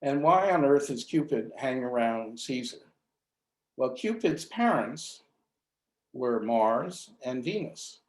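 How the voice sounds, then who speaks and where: Older man giving a halting history talk. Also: medium pitch, lively intonation, roomy sound. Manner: hesitant, many fillers and restarts. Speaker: invited speaker.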